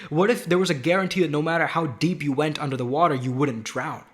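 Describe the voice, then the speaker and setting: A man's voice: on the high side, fairly even intonation, fast. A man hosting a Christian video show, talking animatedly and posing rhetorical questions to the viewers. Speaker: host. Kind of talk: faith video show monologue.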